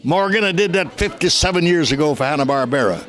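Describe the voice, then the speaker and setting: A man's voice: a little high, animated, fast talker, fairly bright tone, soft background music. A man in his nineties telling stories in a folksy, earnest, emphatic way during an interview. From United States. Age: 90s. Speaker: voice actor. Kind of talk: casual interview storytelling.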